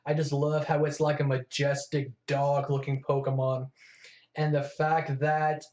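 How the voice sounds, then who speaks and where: A man's voice: fairly high pitch, flat delivery, measured pace, darkish tone. Man chatting in an echoey room. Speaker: co-host. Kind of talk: casual chat. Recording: echoey room, dull lo-fi sound.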